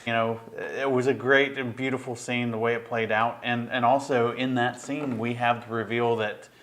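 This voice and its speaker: Guy guesting on a movie chat, mid-pitch voice, laid back, kinda halting. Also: little pitch movement, fairly bright tone. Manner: easygoing, agreeable, halting restarts. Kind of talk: casual movie review chat.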